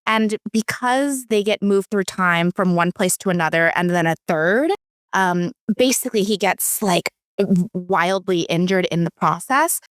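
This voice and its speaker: A woman hosting a casual interview, talking in a playful, teasing and animated way. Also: fairly low pitch, a little slow, no echo, studio quality. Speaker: podcast host.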